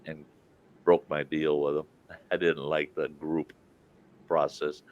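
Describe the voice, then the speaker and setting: Man, stream host, unhurried drawl, rambling folksy storytelling, dull lo-fi sound. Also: extremely low pitch, level tone, darkish tone, dry recording. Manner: laughs through his own story, drawls. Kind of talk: folksy anecdote telling.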